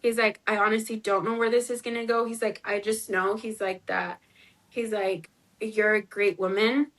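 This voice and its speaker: Here the pitch is medium and the delivery flat, moving at a moderate pace with a slightly bright quality and low recording quality. A woman in her 20s, appearing as an interview guest, recounts something personal in a chatty manner, acting out dialogue and using many "like" fillers.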